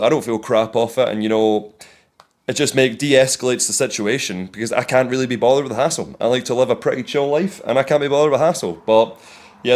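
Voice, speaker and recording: A young Scottish man chatting casually to camera about his grass-cutting business, animated and swearing freely as he tells stories. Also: mid-range voice. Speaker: vlogger, landscaping business owner. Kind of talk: casual vlog storytelling.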